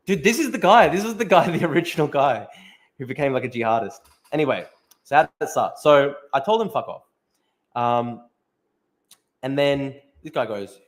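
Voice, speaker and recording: A man's voice: mid-range voice, lively intonation, a little fast. A young man hosting a casual livestream, reacting to posts and reading out chat questions with frequent laughter and swearing. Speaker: livestream host.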